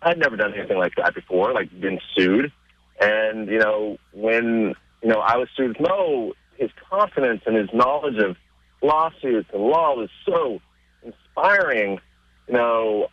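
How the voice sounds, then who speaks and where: A man being interviewed on radio, telling stories casually and getting excited, his voice jumping up in pitch as he retells scenes. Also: measured pace, dry recording, muffled recording. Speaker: interview guest.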